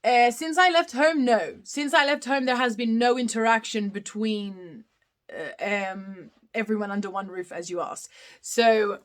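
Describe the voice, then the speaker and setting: A woman in her thirties with an Australian accent hosts a casual live-stream Q&A, reading viewer comments aloud and answering them, often with a giggle. Her voice sits on the high side and moves a little slowly.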